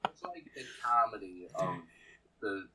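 A man's voice: on the low side, big pitch swings, measured pace, sharp tone, rough recording. A man co-hosting a podcast in casual chat, blunt and wisecracking. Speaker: podcast co-host.

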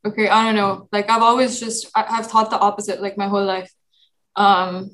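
A woman's voice: mid-range voice, flat delivery, fairly quick, a bit bright, rough recording. A young woman from Pakistan in a casual group discussion, talking with many fillers and restarts. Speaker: discussion participant.

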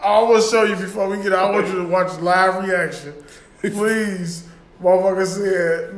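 High-voiced man in casual profane chat. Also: steady tone, moderate pace, roomy sound. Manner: loose, profane, laughing often. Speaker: podcast co-host.

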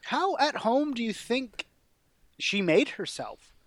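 A man's voice: very high-pitched, big pitch swings, takes it slowly, fairly bright tone. A man co-hosting a podcast in casual chat, hesitant and searching for words. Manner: hesitant, many fillers and restarts. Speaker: podcast co-host.

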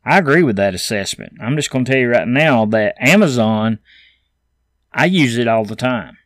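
A man hosting a podcast, reading news stories aloud and adding his own opinions in a casual, halting way with fillers and restarts. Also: medium pitch, lively intonation, dry recording, studio quality. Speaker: podcast host.

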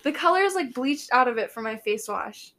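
Lively intonation colors a young female podcast co-host's high, brisk, somewhat bright voice. Her talk is a loose, rambling chat full of giggles and false starts.

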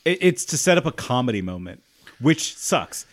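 A man's voice: mid-range voice, very animated, moderate pace. A man co-hosting a podcast in casual chat, sarcastic and critical, full of "like" fillers. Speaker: podcast co-host.

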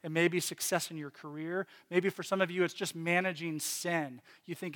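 A man's voice: on the high side, steady tone, moderate pace, few pauses, a bit bright, big-room sound. A man from Virginia preaching a personal sermon as a pastor, earnest, with restarts and repeated phrases. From Virginia, USA.

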